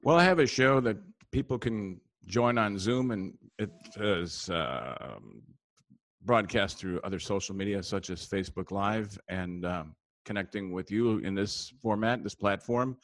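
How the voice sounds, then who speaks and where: A man's voice: on the low side, lively intonation, unhurried, fairly bright tone, no room sound, clean studio sound. A man, a comedian guest, chatting in a rambling, joking way with many fillers. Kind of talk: casual interview chat.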